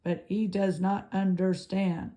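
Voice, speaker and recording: A woman voicing a cheerful, polite female robot in a storybook read-aloud, speaking in a steady, formal way. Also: mid-range voice, slow, lightly acted. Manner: steady, formal, even-toned.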